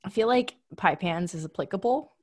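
A woman co-hosting a podcast in casual chat, giving earnest, animated advice. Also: medium pitch, normal speed. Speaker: podcast co-host.

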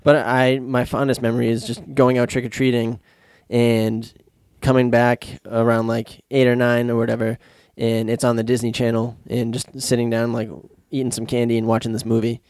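A man's voice: medium pitch, completely flat delivery, normal speed, few pauses, darkish tone, no room sound, studio quality. A man on a casual movie podcast, talking in an easygoing, rambling way with fillers.

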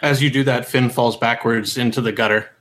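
A man's voice: mid-range voice, fairly even intonation, brisk, fairly bright tone, slight background noise. Man, casual, tabletop player, easygoing. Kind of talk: tabletop game table talk.

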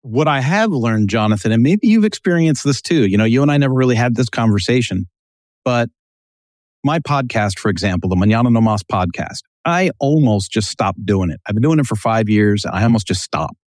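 A man who is a guest on a casual podcast interview, telling business stories in an animated way and acting out quotes. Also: mid-range voice, fairly quick, dry recording, studio quality. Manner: storytelling, animated, acts out quotes.

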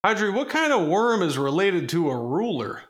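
A man co-hosting a casual podcast, his voice sitting a little higher than most men's. He reads questions and trivia aloud in a goofy, rambling way, swearing freely. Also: very animated, normal speed, fairly bright tone. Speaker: podcast co-host. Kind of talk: casual chat.

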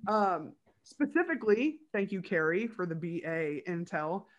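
A woman co-hosting a casual podcast, talking through a TV episode with fan enthusiasm. Her speech is loose and chatty, scattered with "like" and quick asides. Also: on the low side, lively intonation. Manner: chatty and enthusiastic, many "like" fillers. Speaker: podcast co-host.

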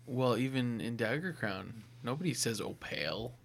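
A man's voice: medium pitch, animated, normal speed, vocal fry. A man chatting as a player at a tabletop game, joking and laughing often. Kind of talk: casual chat at a tabletop game.

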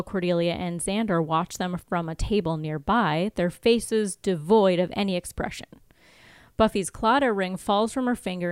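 A woman co-hosting a podcast, recapping TV episodes in casual chat and reading scene summaries with animated asides. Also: mid-range voice, smooth, no echo, studio quality. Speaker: podcast co-host.

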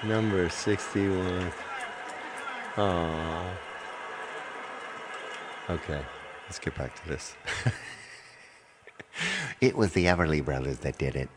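A man's voice: extremely low pitch, slow pace, long pauses, long reverb tail, heavy background noise. A man chatting casually with viewers between songs on his livestream, rambling and apologetic as he talks. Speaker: live-stream singer.

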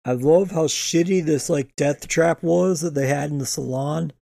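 Gravelly, mellow-voiced man chatting casually. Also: a little high, moderate pace, no room sound, clean studio sound. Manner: laid-back, crude, laughing. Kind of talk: casual chat reviewing a TV episode.

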